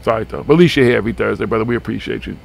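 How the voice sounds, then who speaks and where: A man's voice: lowish voice, very fast, gravelly. A man hosting a live paranormal talk radio show, rambling and swearing freely in casual chat. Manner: profane, rambling, animated. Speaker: host. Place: small home studio.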